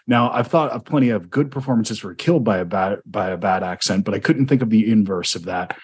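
A fast-talking man with a lowish, slightly rough voice hosts a film podcast. He's from Georgia, speaks with a Southern American accent, and chats eagerly through the conversational interview, rambling and restarting often.

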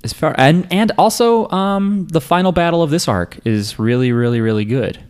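A man's voice: fairly high pitch, animated, normal speed, darkish tone, clean tone. A man hosting a casual podcast chat, reading out listener mail and rambling with fillers and restarts.

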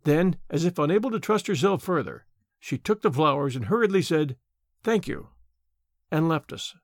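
Man, storyteller, expressive, lively, dry close mic. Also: a little high, fairly quick, no room sound. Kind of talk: scripted audiobook narration.

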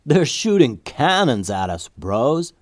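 A man's voice: mid-range voice, sing-song, slow pace, dry recording, clean studio sound, voice pushed up. A man voicing a laid-back young surfer-type guy who talks in an easygoing, slangy drawl.

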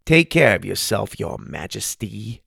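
A man's voice: on the low side, sing-song, a little slow, vocal fry, bright, forceful tone, husky, no echo, clean studio sound, heavily acted. A man voicing a grumpy, sarcastic male cactus creature in a children's audiobook. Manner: sarcastic, grumbling.

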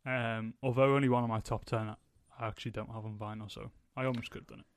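A young podcast host chats casually and rambles, using lots of fillers. His mid-range voice is level, fast, clear and resonant, with no room sound.

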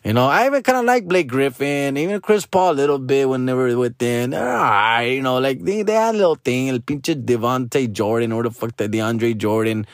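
A man's voice: medium pitch, lively intonation, fairly quick, few pauses, dry recording, studio quality. A man gives a profane, slangy sports rant to the camera and keeps calling the listener dog or fool. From Los Angeles. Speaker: sports fan vlogger. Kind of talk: casual ranting monologue.

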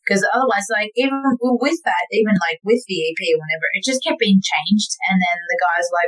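A woman's voice: on the low side, expressive, fast, hardly any pauses, fairly bright tone, poor audio. A young Australian woman, a band's singer and guitarist, chatting in an interview in a rambling, self-mocking way, laughing often and acting out what people said. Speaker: band vocalist and guitarist. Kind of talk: casual interview chat.

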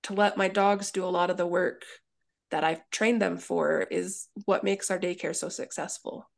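Female dog trainer, gravelly timbre, earnest and chatty. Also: fairly low pitch, steady tone. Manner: earnest, acts out dogs and owners in quick asides. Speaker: dog trainer and daycare owner. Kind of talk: casual interview talk.

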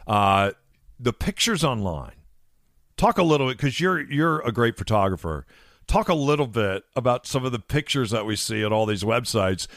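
A man's voice: mid-range voice, lively intonation, moderate pace, fairly bright tone, dry recording, studio quality. A man co-hosting a casual podcast, a realtor telling stories in an earnest, openly sentimental way. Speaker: realtor and co-host.

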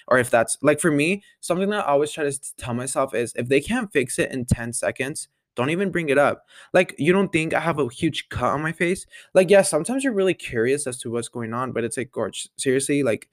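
A man's voice: mid-range voice, fairly bright tone, no echo, clean studio sound. A young man hosting his own podcast, rambling casually with lots of "like" and "um" fillers. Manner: rambling, full of "like" and "um" fillers, chatty. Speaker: podcast host. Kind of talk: casual solo podcast chat.

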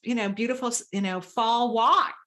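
A woman's voice: a little high, moderate pace, a bit bright. A woman hosting a casual interview over a remote call, effusive and laughing often. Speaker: podcast host.

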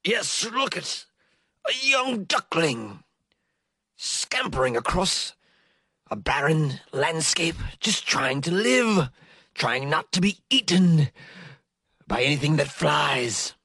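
A man impersonates a hushed older male nature-documentary narrator. He draws out every phrase slowly, with breathy reverence and a swooping, lilting melody. The sound is dry and close, with no room around it. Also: on the high side, sing-song, dry recording, exaggerated voice. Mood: hushed awe.

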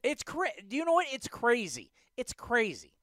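A man hosting a sports talk show, ranting in an animated, emphatic way into a studio microphone. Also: very high voice, normal speed, no echo. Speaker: sports podcast host.

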